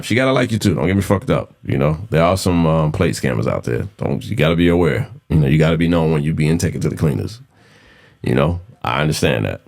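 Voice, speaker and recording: A man's voice: very deep voice, very animated, brisk, creaky, darkish tone. A man in his thirties hosting a casual solo podcast, blunt and profane, repeating himself for emphasis. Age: 30s. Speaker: podcast host.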